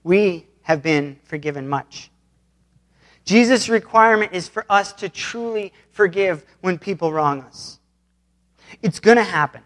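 At a middle pitch and a measured pace, a pastor gives a relaxed, conversational sermon. Speaking straight to the congregation, he retells an old parable in plain, modern words, putting scripture into everyday terms.

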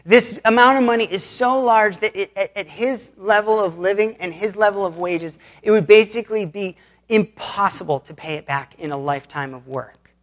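At a middle pitch and normal speed, a pastor gives a relaxed, conversational sermon. Plainspoken, he retells an old parable in modern everyday words and addresses the congregation directly.

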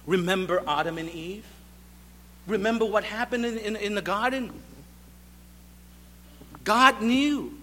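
Man preaching a sermon, emphatic, bright voice, echoey church sound. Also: sits high, measured pace, pauses often, a little hiss or hum. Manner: emphatic, repeating rhetorical questions. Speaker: pastor.

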